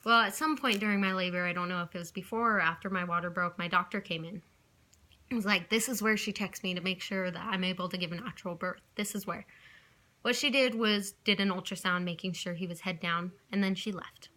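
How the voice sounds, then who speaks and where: Chatty young woman with a bright voice. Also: on the low side, steady tone, brisk. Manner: rambling, chatty, often apologizing and backtracking. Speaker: vlogger. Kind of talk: casual storytelling to camera.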